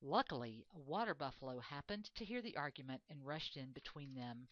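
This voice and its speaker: A woman reading a children's storybook aloud in an expressive, measured way. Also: extremely low pitch, no echo. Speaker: reader. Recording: dull lo-fi dry recording.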